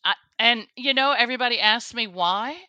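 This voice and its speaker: A woman's voice: fairly high pitch, normal speed, bright, forceful tone, no room sound, highs cut off. A woman, a guest on a faith show, telling her own story earnestly, with restarts and the odd laugh. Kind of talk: personal testimony interview.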